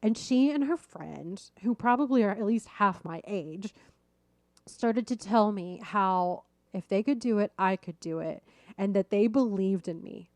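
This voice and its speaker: A middle-aged woman hosts a podcast and tells a personal story with lively, self-mocking humor. Her voice sits at a medium pitch and sounds dry and close, with no room echo. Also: unhurried. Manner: lively, self-deprecating, laughs at herself. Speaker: podcast host.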